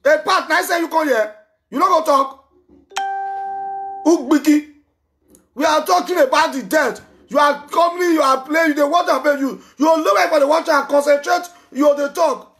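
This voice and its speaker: A man with a Nigerian Pidgin English accent hosting a live call-in show, loud, scolding and repetitive. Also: very high-pitched, normal speed. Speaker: talk show host taking calls.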